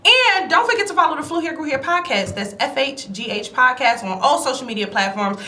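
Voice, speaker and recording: A woman's voice: high-pitched, animated, brisk, sharp tone. A woman with a New York accent hosting a podcast, playful and teasing. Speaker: podcast host. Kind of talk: casual podcast chat. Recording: echoey room with faint noise.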